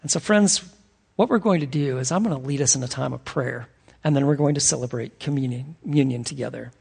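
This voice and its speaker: A man's voice: medium pitch, brisk, gravelly, darkish tone, husky. A man preaching a sermon as pastor, telling stories in a casual, chatty way with many fillers.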